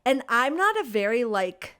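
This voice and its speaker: A young adult woman co-hosting a podcast, telling a story in a rambling, animated way with plenty of "like". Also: on the high side, normal speed, smooth. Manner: animated, rambling, heavy use of "like". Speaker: podcast co-host. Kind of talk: casual chat, storytelling.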